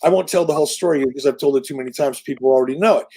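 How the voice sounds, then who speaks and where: Animated older man telling stories. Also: mid-range voice, racing. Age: 60s. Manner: animated, profane, punchy storyteller. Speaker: interview guest. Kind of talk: casual storytelling.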